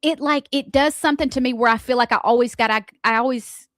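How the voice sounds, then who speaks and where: A woman co-hosting a radio morning show, talking loudly and with lots of emotion in casual banter. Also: fairly high pitch, quick pace, no room sound. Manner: loud, animated, talks with emotion.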